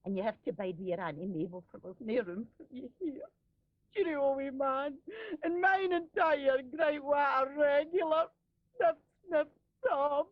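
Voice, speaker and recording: A woman's voice: sits high, unhurried, no room sound. An actress playing a weary, harassed Glasgow mother, who sighs and sobs theatrically in a radio play reading. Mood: sobbing. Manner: sighing, theatrical sobbing. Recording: dull lo-fi radio recording.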